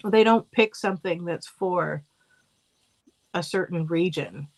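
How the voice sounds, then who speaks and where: A woman co-hosting a casual livestream chat, talking in a relaxed way and laughing easily. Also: lowish voice, a little slow, poor audio.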